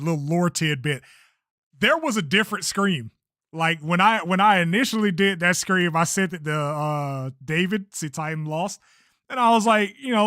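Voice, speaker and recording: A man's voice: high-pitched, bright, forceful tone, no echo, studio quality. A young man chatting casually on a livestream about his own video, laid-back and swearing freely. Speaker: streamer and creator.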